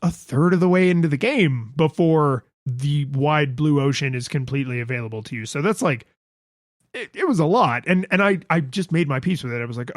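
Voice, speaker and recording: A man's voice: fairly high pitch, fairly quick, no room sound, clean studio sound. A man co-hosting a podcast, telling stories in a casual chat and acting out voices when he quotes. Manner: animated storytelling, acts out voices in quotes. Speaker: podcast co-host.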